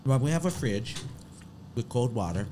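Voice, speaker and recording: A man co-hosting a casual chat, laid-back and joking, often pausing with fillers. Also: medium pitch, animated, warm tone, a little hiss or hum. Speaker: co-host.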